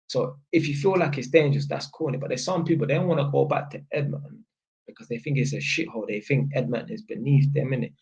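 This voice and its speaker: A man's voice: medium pitch, darkish tone. Blunt London man on a lo-fi livestream. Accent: London, Multicultural London English. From North London, England. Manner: blunt, swearing, emphatic, repeats tag questions. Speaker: livestream host. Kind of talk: casual livestream monologue.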